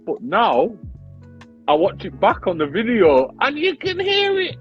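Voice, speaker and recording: A man, a grime artist and battle rapper telling a story in a casual interview, animated, swearing often and saying "bro" all the time. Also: high voice, a little slow. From Leeds, England. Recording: tinny phone-like sound with faint music.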